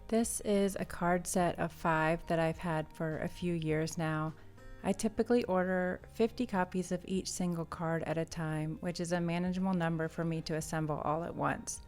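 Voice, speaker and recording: A woman, an artist and shop owner, narrating her vlog in a calm, matter-of-fact voice-over. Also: lowish voice, normal speed. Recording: voice-over with faint background music.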